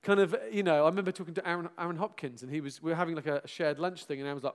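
A middle-aged pastor giving an animated, self-mocking farewell address to his church, breaking into loud exclamations and laughter. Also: on the high side, racing, few pauses.

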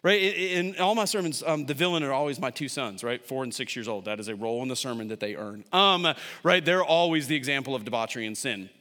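A man in his thirties preaching a sermon as a pastor, conversational and jokey, tagging his points with quick asides to the congregation. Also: mid-range voice. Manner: animated and conversational, jokey asides, constant "right?" tags. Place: large church hall. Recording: long hall reverb.

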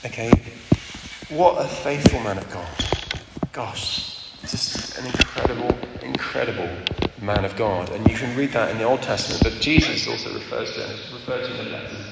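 An earnest man delivers a candid sermon, often pausing to check in with his listeners. His mid-pitched voice rings through a large hall with a long, echoing tail. A steady hum of noise sits underneath. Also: gravelly. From England. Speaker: preacher. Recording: echoey hall with background noise.

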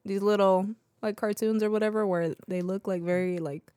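A woman's voice: medium pitch, fairly even intonation, normal speed, warm tone, smooth, no room sound, clean studio sound. Woman chiming in on a podcast. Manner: laughs along, chimes in. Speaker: podcast co-host; mother of a toddler. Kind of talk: casual chat.

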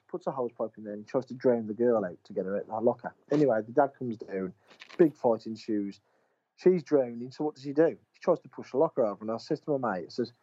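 A man's voice: medium pitch, warm tone, lo-fi sound. A man, casually chatting as a podcast co-host, rambling through stories, swearing freely and retelling what he said to his mate. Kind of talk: casual chat.

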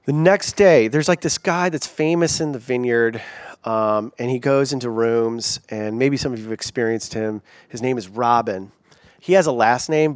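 A man preaching a sermon as a pastor, telling a personal story with lively quoted asides. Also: medium pitch, dry recording.

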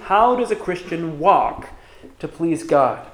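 A man's voice: fairly high pitch, very animated, slow pace, echoey room, slight background noise. A man pastor preaching a sermon, asking rhetorical questions and reading scripture aloud with emphasis.

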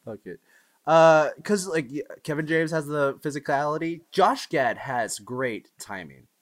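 Animated man from Houston telling stories. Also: on the high side, unhurried. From Houston, Texas. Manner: animated storyteller, laughs often. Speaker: podcast co-host. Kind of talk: casual chat.

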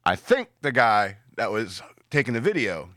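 A man's voice: lowish voice, big pitch swings, normal speed, a bit bright, no echo, clean studio sound. A man co-hosting a podcast in casual chat, telling stories in a rambling way and acting out the quotes. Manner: rambling storyteller, acts out quotes. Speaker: podcast co-host.

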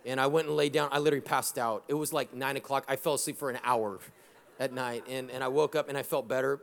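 A middle-aged man preaching a sermon as pastor, lively and exhorting, mixing scripture with personal stories. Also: medium pitch, fast talker, vocal fry. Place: church sanctuary. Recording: long hall reverb in a church.

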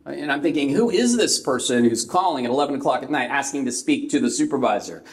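Telling a personal story from the pulpit, a middle-aged Californian pastor performs the voices of its characters. His medium-pitched delivery is fast with lively intonation.

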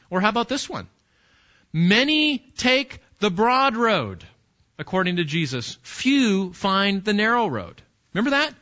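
A male pastor preaching an animated sermon and talking straight to his listeners. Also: on the high side. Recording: dull lo-fi recording.

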